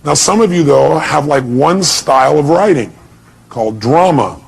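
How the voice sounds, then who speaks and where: Man, motivational speaker, emphatic, rhetorical questions, slightly high voice. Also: lively intonation, moderate pace, vocal fry, husky. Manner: emphatic, fires rhetorical questions, blunt and salty. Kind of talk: motivational speech to a live audience.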